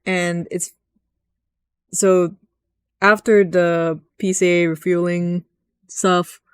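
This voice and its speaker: Woman gamer, rambling casual recap, lowish voice, dry close sound. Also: little pitch movement, drawn-out words, smooth, no room sound. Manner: rambling, chatty, acts out quoted lines. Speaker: gaming video host.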